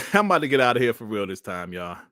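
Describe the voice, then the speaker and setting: A man's voice: mid-range voice, very animated, fast talker, sharp tone, no echo. A man hosting a casual live stream, laughing often and trash-talking with plenty of swearing. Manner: laughing, profane trash talk.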